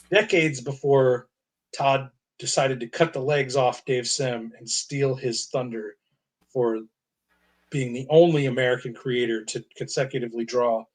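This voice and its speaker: A man hosting a casual comic review, sardonic and quick to swear, stumbling over his words. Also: mid-range voice. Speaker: host.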